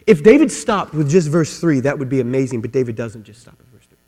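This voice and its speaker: A man's voice: mid-range voice, sing-song, fast, dark tone, long reverb tail. A man preaching a sermon, impassioned, often repeating phrases and building in fervor.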